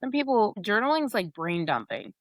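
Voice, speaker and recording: A woman's voice: mid-range voice, very animated, a little fast, no echo. A woman in her forties, a podcast guest, telling her story in a candid, rambling way. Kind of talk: casual interview talk.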